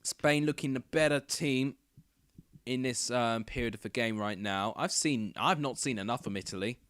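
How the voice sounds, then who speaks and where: A young man hosting a football watchalong, chatting casually and calling the match live, getting loud and excited when chances come close. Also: mid-range voice, moderate pace, clear, resonant tone, no room sound. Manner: chatty, rambling, bursts into excited shouts at near misses.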